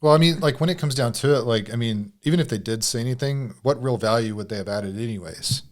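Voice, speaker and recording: A man's voice: medium pitch, fast talker. A man marriage coach in a casual podcast chat, rambling with lots of filler words.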